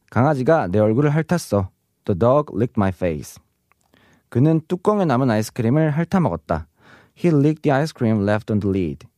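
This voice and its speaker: A man teaching a scripted vocabulary lesson. He explains each term, reads the Korean example sentences briskly, then gives the English translations slowly. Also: medium pitch, dark tone, dry recording, studio quality.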